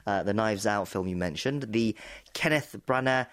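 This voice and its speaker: Male radio host, brisk, keeps the segments moving. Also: lowish voice, a bit bright. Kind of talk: broadcast interview.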